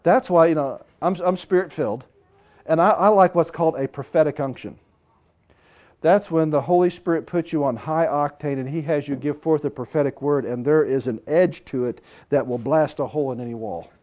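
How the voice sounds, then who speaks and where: A man preaching a sermon with passion, swinging between loud urging and hushed, quieter asides. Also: fairly high pitch, moderate pace.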